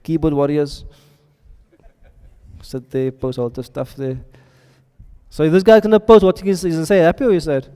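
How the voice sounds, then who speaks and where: A man's voice: fairly high pitch, fairly even intonation, moderate pace, pauses often, mellow, clean tone. A man teaching a classroom lesson, often stopping to ask his students questions and check they are following. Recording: reverberant hall sound.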